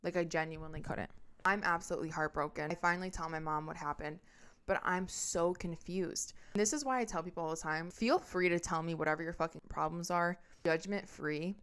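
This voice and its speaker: A young woman hosts her own podcast and tells a personal breakup story in a storytime monologue. Her voice is smooth and sits a little low for a woman. She talks with strong emphasis, swears freely and acts out the lines other people said. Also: fairly quick, a bit bright. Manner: acts out quotes and horn sounds. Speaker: podcast host.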